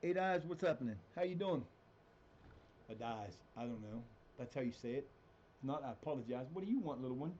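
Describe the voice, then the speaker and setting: A man chatting on a live stream as he plays a football management game, rambling and animated, and now and then jumping into a high mock voice. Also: brisk, muffled recording, a little hiss or hum. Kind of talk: casual live-stream chat. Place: home room with cats.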